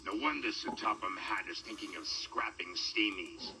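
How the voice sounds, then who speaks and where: A man's voice: lowish voice, moderate pace, noisy background, lightly acted. A man voicing a mocking, boastful male diesel engine in a storybook reading. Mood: sneering. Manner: mocking, taunting.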